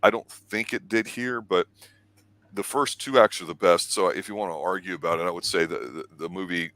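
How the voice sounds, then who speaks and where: Very deep-voiced man chatting movies. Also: a little fast, fairly bright tone. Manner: rambling, many restarts, acts out quotes. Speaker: movie review show co-host. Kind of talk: casual movie review chat.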